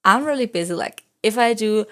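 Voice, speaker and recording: A woman's voice: a little high, expressive, a little fast. A young woman, a non-native English speaker, chatting casually in a rambling voice-over, full of "like" fillers as she tells stories. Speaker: vlogger.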